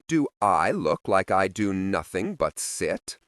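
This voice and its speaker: A man playing a deep-voiced, wry vampire. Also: dry recording, clean studio sound, full character voice. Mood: dry. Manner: calm, measured, faintly amused. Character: ancient, still male vampire, cool and wry.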